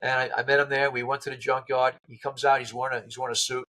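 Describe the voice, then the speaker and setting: Animated man telling a story. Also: mid-range voice, fast, slight background noise, rough recording. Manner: lively, acts out quoted people in voices. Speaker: interview guest, car restorer.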